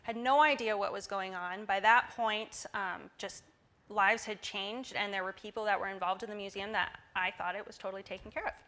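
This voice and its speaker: A young woman in her twenties tells her personal testimony in church. She speaks in a bright, forceful tone at an ordinary pitch for a woman. She tells the story with lively energy. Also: moderate pace. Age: 20s. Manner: lively storytelling, acting out quoted dialogue. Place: church service.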